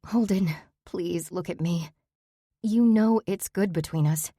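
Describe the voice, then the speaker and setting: Coaxing young she-wolf in a storybook, read by a woman, urgent and persuasive, low-pitched. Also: normal speed, dark tone, no echo, clean studio sound, close to an everyday voice. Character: young female wolf shifter, pleading and persuasive.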